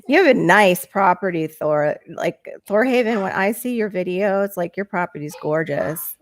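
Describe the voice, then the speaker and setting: A middle-aged woman chats casually with her livestream viewers through a headset mic, laughing easily and going higher when she gets excited. Her voice sits fairly low, and the sound is dry and close with no room echo. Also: normal speed. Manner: chatty, laughs often, voice jumps up when excited. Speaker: livestream host reading viewer chat. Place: small home bedroom.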